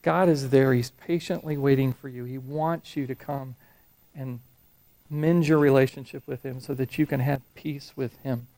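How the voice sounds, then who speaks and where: A middle-aged man preaching a sermon, speaking earnestly and slowing down when he reads scripture and hymn verses. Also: mid-range voice, fairly even intonation, dark tone. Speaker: pastor.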